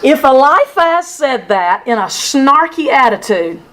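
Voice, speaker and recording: A woman teaching a women's Sunday school lesson, talking in an animated, conversational way to her class. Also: sits high, a little slow. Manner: animated and conversational, acting out Bible speakers. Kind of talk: women's Bible study lesson. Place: church classroom with a group.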